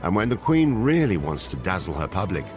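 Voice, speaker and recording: A man narrating a documentary in a measured, dramatic scripted delivery. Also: low voice, very animated. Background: music.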